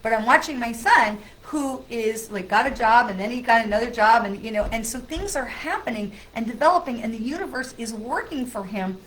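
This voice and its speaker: A middle-aged woman, a psychic medium, casually telling a personal story to her viewers in a chatty, animated way. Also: a little high, a little fast, few pauses, poor audio.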